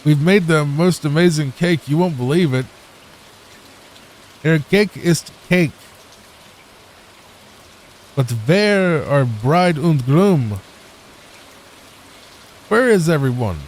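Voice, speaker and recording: Man putting on a fussy chef voice, mock German accent, slow, fairly high. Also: animated, darkish tone. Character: fussy male cake chef.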